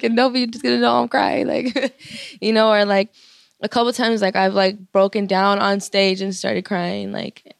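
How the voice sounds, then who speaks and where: A woman's voice: mid-range voice, clear, resonant tone, no room sound, clean studio sound. A young woman musician in an interview, talking openly with many fillers and restarts and laughing often. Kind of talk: candid interview talk.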